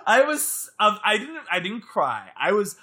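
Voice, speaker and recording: Casual co-host: man, high and bright voice, very animated delivery. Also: slow. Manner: animated, laughing, mock-screaming. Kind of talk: casual movie chat.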